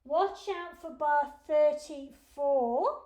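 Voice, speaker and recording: High-voiced, unhurried woman piano teacher. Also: muffled recording. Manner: patient, explaining step by step. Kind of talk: instructional lesson. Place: room with a piano. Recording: roomy echo with faint piano.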